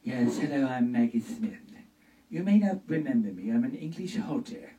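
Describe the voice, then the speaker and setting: A man doing a falsetto impression of a haughty older woman who is an actress, loud and grand. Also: expressive, normal speed, distant mic, lightly acted, low-quality recording.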